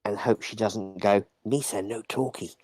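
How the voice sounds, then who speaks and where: Man playing a wary male adventurer; whispered role-play, barely voiced and mouthed, pitched a touch above his usual. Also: normal speed, a little mellow, no echo, natural voice. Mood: urgent. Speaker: player.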